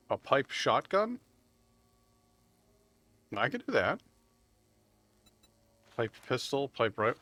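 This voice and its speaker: A man streaming a video game live, chatting casually and rambling as he plays, swearing freely and laughing loudly at chat. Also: mid-range voice. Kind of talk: live gameplay commentary.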